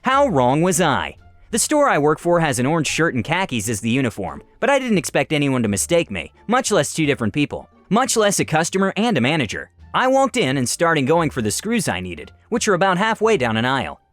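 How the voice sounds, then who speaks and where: A man narrating stories, reading them aloud in an expressive, animated way. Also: a little high, fairly quick, no echo, faint music behind. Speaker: story narrator. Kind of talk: storytelling narration.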